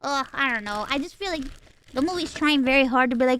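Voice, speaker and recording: A woman streamer chatting casually about a film she watched, animated and swearing freely, with mocking exaggerated asides. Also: high voice, a little fast, no room sound. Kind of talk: casual livestream chat.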